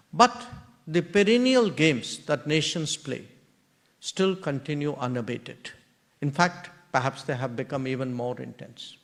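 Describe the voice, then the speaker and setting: A man with an Indian accent and a slightly high voice gives a formal memorial lecture, speaking in measured, deliberate phrases broken into short clauses.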